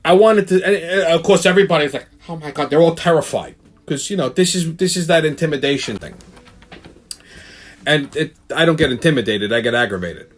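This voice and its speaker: Guy ranting on his show, swears a lot, blunt and heated, kinda high voice. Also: animated, a little fast. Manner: profane, blunt, heated storytelling. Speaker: show host. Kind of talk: ranting monologue.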